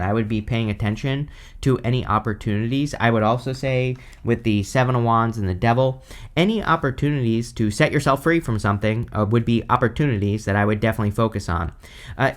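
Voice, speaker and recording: Chatty man giving a tarot reading. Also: medium pitch. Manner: conversational, frequent "uh" and "right?" tags. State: has the hiccups. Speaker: tarot reader. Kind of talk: casual weekly tarot reading.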